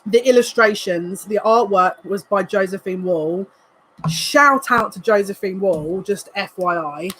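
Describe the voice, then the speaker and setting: A woman, a psychic reader, giving a live card reading to viewers in an excitable, emotional way, full of quick asides. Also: medium pitch, a little hiss or hum, rough recording.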